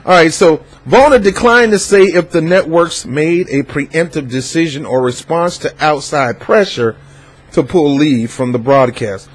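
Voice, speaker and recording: A man with a fairly high, husky voice gives loose news commentary. He rambles and digresses, stumbling through fillers as he goes. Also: measured pace, low-quality recording. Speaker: vlog host.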